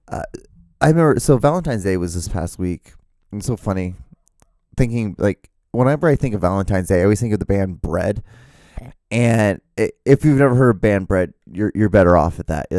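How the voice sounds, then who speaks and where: Thirtysomething guy rambling on his own podcast, lowish mellow voice, swears a lot, dry close sound. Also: dry recording. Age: 30s. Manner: meandering, profane, self-mocking, with many fillers and restarts. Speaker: podcast host. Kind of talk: rambling solo podcast monologue.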